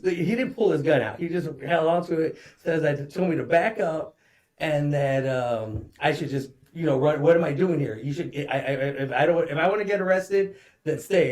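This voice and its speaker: A man in his forties talks as a guest on a casual show, his voice sitting a bit higher than most men's. He rambles through a story with restarts, swearing freely and tossing in "dude" at every turn. His tone stays loose and conversational. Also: brisk, a little mellow. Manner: rambling, profane, says "dude" constantly.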